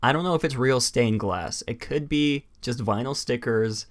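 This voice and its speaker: A man hosting a live stream, chatting casually in a rambling way full of fillers and quick laughs. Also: mid-range voice. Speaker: stream host.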